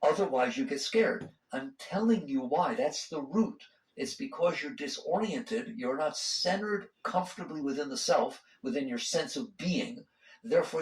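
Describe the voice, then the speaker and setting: Heard from a distant mic in a roomy hall, a man with a voice on the high side speaks off-mic to a live audience. He is a spiritual teacher, keeping the talk conversational while asking his listeners pointed questions.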